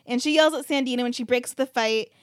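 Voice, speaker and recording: A woman's voice: on the high side, fast, dry recording, studio quality. A woman host casually recapping a movie plot, telling it as a chatty story full of "like" and freely swearing. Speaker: podcast host.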